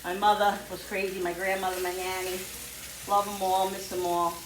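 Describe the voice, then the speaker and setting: A woman's voice: on the low side, little pitch movement, moderate pace. A woman hosting a home cooking video, talking in a rambling, chatty way with frequent self-corrections as she cooks. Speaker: home cooking channel host. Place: home kitchen with sizzling pan. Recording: echoey kitchen, distant mic, frying noise.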